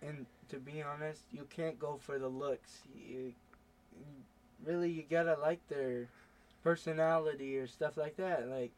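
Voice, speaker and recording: A man's voice: on the high side, fairly even intonation, a little slow. A teenage boy in casual chat, often chiming in and cutting across with short remarks.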